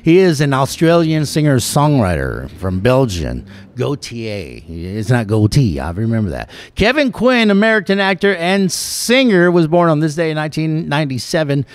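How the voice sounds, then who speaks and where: Lively rambling host. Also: male voice, on the high side, normal speed, hardly any pauses, no echo. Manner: rambling, laughs often, drawling storyteller. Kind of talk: casual radio-style show chat.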